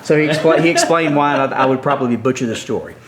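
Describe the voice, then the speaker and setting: Older male storyteller, lively, laughs a lot, a touch high-pitched. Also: quick pace, crowd noise. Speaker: guest storyteller. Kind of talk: animated storytelling.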